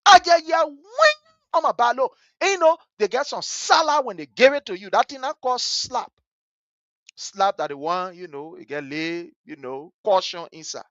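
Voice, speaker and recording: A man with a Liberian English accent hosting a talk show. He tells a story with passion, swinging between hushed and loud. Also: high voice, moderate pace, no echo, muffled recording. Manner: vivid, story-driven. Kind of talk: animated radio commentary with storytelling.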